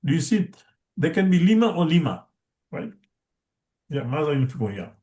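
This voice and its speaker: A man teaching a language class online in a halting way, often checking in with "right?" and quickly chanting verses. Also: a little high, very animated, dark tone.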